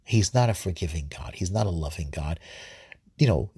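Husky low-voiced man teaching scripture. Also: lively intonation, normal speed, warm tone, no echo, studio quality. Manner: repeats words and restarts often, earnest. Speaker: Bible study host. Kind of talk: informal scripture commentary.

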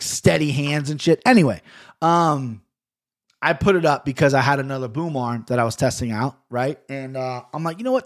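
A man hosting his own podcast, rambling casually and swearing a lot as he talks into a boom-arm studio mic in his home office. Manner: rambling, profane, chatty. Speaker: podcast host. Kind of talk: casual solo podcast monologue.

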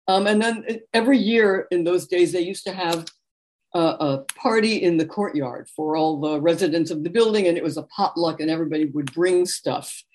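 A middle-aged woman, a book author and interview guest, telling lively anecdotes in a relaxed conversational way. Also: on the low side, brisk. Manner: animated anecdotal storyteller, warm laughs.

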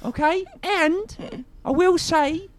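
A sheepish, defensive neighbour woman, played by a woman, with a very high voice. She sounds embarrassed as she explains herself. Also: takes it slowly, no room sound. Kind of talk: improvised comedy podcast.

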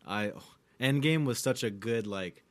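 Man, mid-pitched, laid-back, swears a lot, casual movie chat. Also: measured pace.

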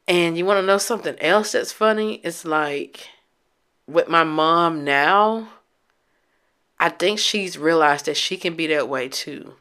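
A woman talks straight to her audience about her own life, candid and emotional. Her voice is bright and forceful, and she swears offhandedly. She often stops and restarts mid-thought. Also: deep voice. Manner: reflective, halting restarts. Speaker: vlogger. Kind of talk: personal storytelling.

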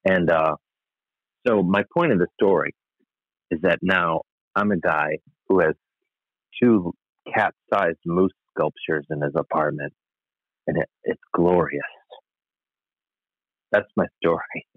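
A low-voiced man spins a long, self-mocking anecdote in a casual, deadpan way. The sound is thin and phone-like, with no room around it. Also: takes it slowly, pauses often, no echo. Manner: dry, rambling, self-mocking. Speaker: podcast guest storyteller. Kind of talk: casual comic storytelling. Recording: tinny phone-like line, dry.

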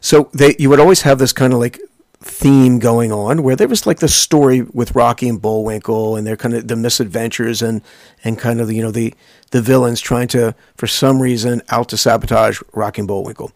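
Man, 50s, podcast co-host, rambling with restarts, medium pitch. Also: steady tone, normal speed, vocal fry, a little mellow, no echo, studio quality. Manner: rambling, with many fillers and restarts. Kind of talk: casual nostalgic chat.

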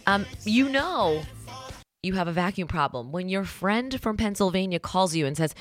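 A woman in her thirties hosting a morning show from her studio, chatty, self-deprecating and excitable. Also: on the low side, brisk, soft background music. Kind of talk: casual chat.

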